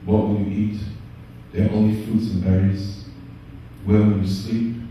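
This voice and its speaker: A man voicing a firm young prince husband who gives steady, measured instructions. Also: on the low side, slight background noise, lightly acted. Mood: cautioning. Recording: echoey room, distant mic.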